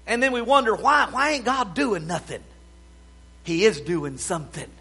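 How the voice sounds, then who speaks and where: Man, preacher, high voice, bright tone, shouts and hushes, quotes scripture. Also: moderate pace, breathy edge. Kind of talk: revival sermon.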